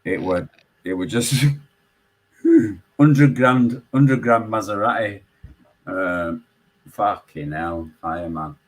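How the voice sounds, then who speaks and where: A man with a Yorkshire accent, calling in and telling a story in casual chat, swearing constantly and animated. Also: lowish voice, slow pace, pauses often, rough recording. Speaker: caller.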